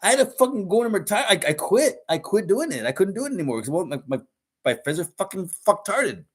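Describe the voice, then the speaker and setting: A man's voice: high voice, very animated, fast talker, breathy edge. A middle-aged man hosting a podcast, ranting bluntly and profanely in a casual monologue. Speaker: podcast host. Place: live podcast recording.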